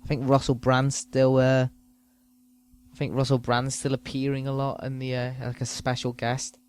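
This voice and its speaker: A man's voice: mid-range voice, monotone, normal speed, a little mellow, clear, resonant tone. A man hosting a podcast, rambling through a crude, self-mocking comic monologue. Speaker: podcast host.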